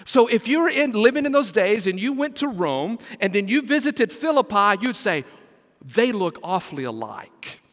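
A man preaching a sermon as senior pastor, animated and engaging the congregation to repeat words back. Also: very high-pitched, normal speed, hardly any pauses, long reverb tail.

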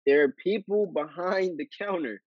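Husky-voiced man teasing his guest. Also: high voice, moderate pace, dull audio. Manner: joking, teasing questions, slangy. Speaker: podcast host. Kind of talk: casual chat.

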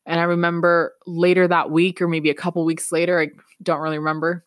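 A woman's voice: lowish voice, flat delivery, a little fast, no room sound, clean studio sound. A young woman hosting a podcast, telling a personal story in an earnest, reflective way and laughing now and then. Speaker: podcast host.

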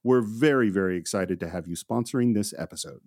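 A man's voice: fairly low pitch, a little fast, a little mellow, no room sound, clean studio sound. A man co-hosting a podcast, reading a sponsor ad in an upbeat, salesy way. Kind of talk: scripted sponsor read.

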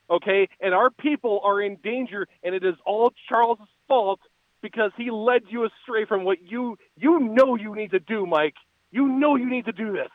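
In a comic call-in bit, a male caller plays a frantic time traveler from a future war, pleading urgently. His voice is high and close to everyday speech, with no room sound but a tinny phone-line quality.

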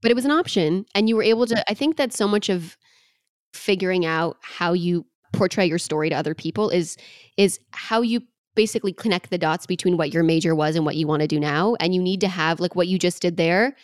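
A woman's voice: on the low side, fairly quick, dry recording, studio quality. A woman hosting a podcast interview, asking questions in a chatty, encouraging way. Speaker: podcast host.

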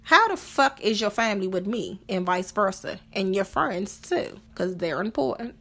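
A podcast host talks casually about relationships at a normal speed, her medium-pitched voice animated and fairly bright. She's a woman who is blunt and profane and likes rhetorical questions.

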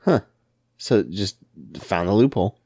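A laid-back man in casual chat, mostly giving short, easy replies. His voice is low-pitched but lively in its ups and downs. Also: a little slow, husky.

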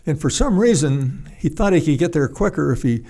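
An older man recounting an old flying incident in loose, conversational storytelling. His pitch sits a bit higher than most men's, and he circles back on his words and restarts his sentences often. He also lets rough language slip. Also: very animated, dark tone. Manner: halting, rambling, frequent restarts and salty language. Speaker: retired pilot telling a war story. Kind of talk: casual spoken storytelling.

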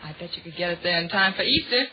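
A woman in 1940s radio comedy banter, teasing and quick with comebacks in period slang, on a dull old radio recording. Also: lowish voice, expressive, slight background noise. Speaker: guest star.

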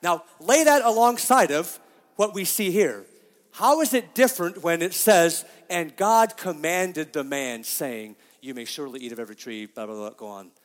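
A man's voice: a little high, moderate pace, in a large hall. A middle-aged man preaching a sermon as pastor, emphatic and often asking his congregation questions.

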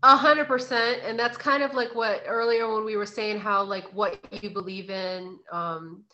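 A woman's voice: medium pitch, fairly even intonation, moderate pace, sharp tone, lo-fi sound, a little hiss or hum. A young woman hosting a podcast, chatting casually, laughing often and swearing now and then. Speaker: podcast host. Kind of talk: casual chat.

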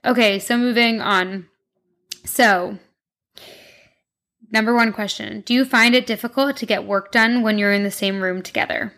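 A young woman hosting a casual chat with her partner, talking in a quick, self-deprecating way. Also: medium pitch, steady tone, fairly bright tone. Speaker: host.

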